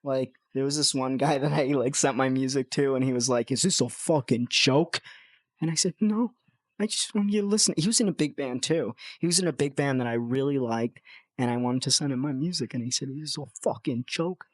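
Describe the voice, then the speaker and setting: A young American man chatting on a podcast, telling animated stories, swearing freely and putting on voices for people he quotes. His voice sits at a middle pitch and sounds close and dry. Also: brisk, no room sound. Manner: animated storyteller, swears, mimics others in high voices. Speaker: guest musician. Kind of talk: casual podcast chat.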